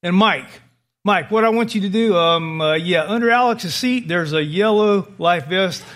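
Male preacher voicing a captain shouting urgent orders, raised high voice. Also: moderate pace. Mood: commanding. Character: commanding male leader barking orders on a storm-tossed boat.

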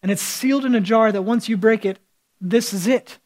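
A man's voice: high voice, a little fast, darkish tone, rough recording. A man preaching a sermon as a pastor, retelling scripture as vivid storytelling with quoted speech.

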